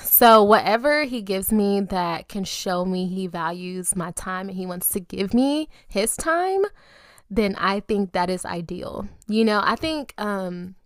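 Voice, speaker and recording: A woman's voice: mid-range voice, lively intonation, a little slow, no echo, studio quality. A young adult woman co-hosting a podcast in casual chat, playful and slangy, laughing often. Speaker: podcast co-host.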